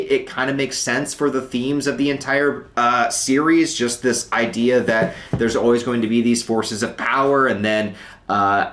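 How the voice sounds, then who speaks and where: A man with a raspy, hoarse voice from being sick talks casually from his couch, often pausing and hesitating as he rambles. His voice sits in the middle of the male range. The sound is roomy, with a noticeable echo. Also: medium pitch, a bit bright. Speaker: book reviewer. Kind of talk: casual video review. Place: at home on a couch.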